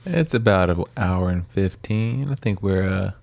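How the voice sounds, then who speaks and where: A man's voice: low voice, a little slow, gravelly, a little mellow. A man co-hosting a podcast in casual chat, easygoing and laughing often. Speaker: podcast co-host.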